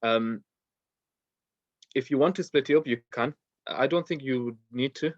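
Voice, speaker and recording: A man's voice: mid-range voice, normal speed, dry recording, muffled recording. A man teaching a beginners' Quran recitation lesson, explaining step by step with a patient, filler-laden manner. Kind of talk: online lesson.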